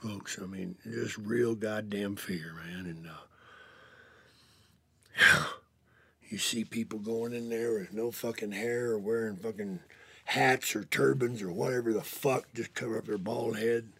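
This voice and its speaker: A man telling a blunt, profane personal story as a show's host, often sinking to a hushed near-whisper. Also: on the low side, fairly even intonation, unhurried, creaky, slightly rough.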